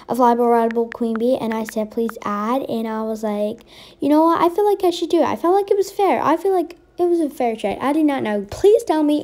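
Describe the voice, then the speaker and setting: A high-voiced young woman talks through her game trades in a casual voiceover. She is excitable and chatty, full of fillers and "I was like" asides. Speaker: gaming vlogger. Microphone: voiceover mic.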